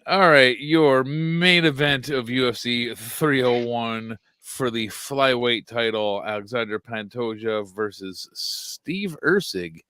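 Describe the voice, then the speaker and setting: A man's voice: medium pitch, fairly bright tone, no room sound. A man co-hosting a casual sports podcast, joking crudely as he reads out picks and fight results. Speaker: podcast co-host.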